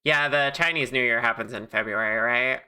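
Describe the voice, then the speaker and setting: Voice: medium pitch, fairly quick, bright, forceful tone, clear, resonant tone. A livestreamer making plushies who chats casually with viewers and thinks aloud at a home streaming mic. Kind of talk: casual livestream chat while crafting.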